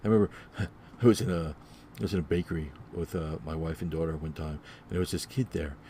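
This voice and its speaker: A man hosts his own podcast solo, speaking fast in a rumbling low, mellow, steady voice with a little background hiss or hum. His casual monologue rambles, repeats itself, and is full of fillers.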